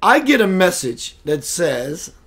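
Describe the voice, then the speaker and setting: A man with a fairly high voice tells a personal story on his radio show. He speaks slowly and deliberately, with dramatic pauses. His voice swings from loud to hushed. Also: sing-song, husky. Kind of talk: storytelling monologue.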